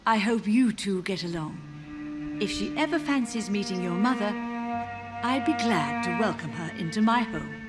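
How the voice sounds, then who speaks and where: A woman playing an elderly mother in a video game, soft-spoken, wistful and drifting in her thoughts. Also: medium pitch, animated, normal speed, lightly acted. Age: older. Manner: soft, wandering, wistful delivery. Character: elderly grieving mother, gentle but confused. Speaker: game character. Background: game music.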